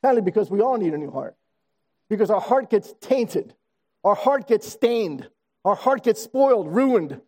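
A man's voice: high voice, big pitch swings, measured pace, a little mellow. A man in his sixties preaching a sermon, telling a story and repeating phrases for emphasis. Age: 60s. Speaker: pastor.

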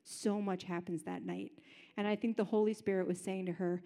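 A woman preaching a sermon in a chatty, animated and humorous way, in a large high-ceilinged room. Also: moderate pace. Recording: long hall reverb.

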